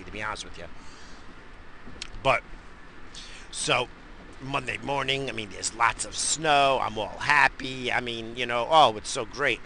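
Speaking at a medium pitch, a middle-aged man from the New York area runs his podcast as a profane, casual monologue. His very bright, gravelly voice carries crude, boisterous, rambling tales, and a faint noise hums under the track.

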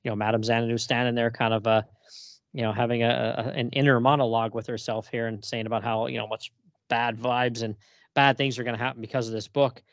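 A man co-hosting a podcast in casual chat, retelling a comic scene in an animated way and laughing often. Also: mid-range voice, quick pace, no room sound, lo-fi sound. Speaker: podcast co-host.

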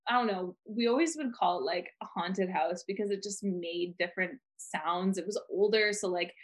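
Casually chatting as a podcast co-host, a young woman speaks at normal speed in a mid-range voice. She tends to ramble and leans heavily on the word "like."

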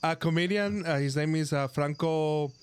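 A man's voice: a little high, moderate pace. A man co-hosting a casual podcast, telling stories with lots of swearing and laughter, recorded outdoors at night. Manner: animated storyteller, swears, laughs a lot. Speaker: podcast co-host. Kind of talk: casual chat. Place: outdoors at night, crickets behind. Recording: faint outdoor insect noise.

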